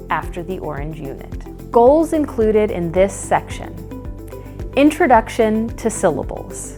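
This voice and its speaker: Slow, deliberate woman narrating a lesson. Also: medium pitch. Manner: slow, deliberate, pronounces syllables clearly. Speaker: curriculum narrator. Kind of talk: scripted instructional narration.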